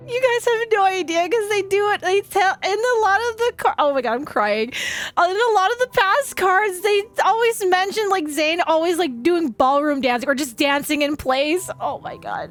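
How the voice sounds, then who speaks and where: A young woman streaming a game, excitable and giggly, gushing as she reads the dialogue aloud. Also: very high voice, moderate pace. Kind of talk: gaming livestream commentary. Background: game music.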